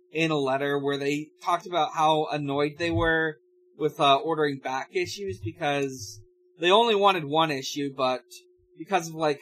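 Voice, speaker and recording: A man on a casual podcast reads through a comic and stumbles along with lots of fillers and restarts. His voice sits on the higher side for a man, and he takes his time getting each thought out. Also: sharp tone, slight background noise, rough recording. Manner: halting, many fillers and restarts. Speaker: podcast co-host. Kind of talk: casual chat reading a comic.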